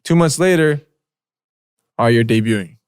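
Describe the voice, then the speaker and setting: A man's voice: medium pitch, expressive, moderate pace, clean tone, dry recording, clean studio sound. A young man co-hosting a podcast, telling a story in casual slangy chat with lots of filler words and "bro". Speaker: podcast co-host.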